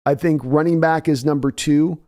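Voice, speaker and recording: A man hosting a casual sports livestream, chatting in a joking, animated way and thanking viewers by name. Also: fairly high pitch, moderate pace. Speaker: sports show host.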